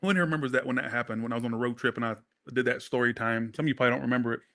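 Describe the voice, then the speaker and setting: A chatty man giving a tarot reading in a bright, forceful voice. He wanders off on tangents, swears casually and talks straight to his viewers. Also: medium pitch, fairly even intonation, racing. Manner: rambling, profane, talks to viewers. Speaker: tarot reader.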